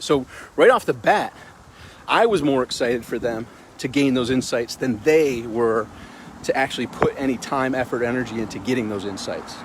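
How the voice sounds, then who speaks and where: A man's voice: mid-range voice, normal speed, a little hiss or hum. A middle-aged man telling a story on a casual livestream during a morning walk, repeating words and greeting passersby. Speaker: motivational vlogger.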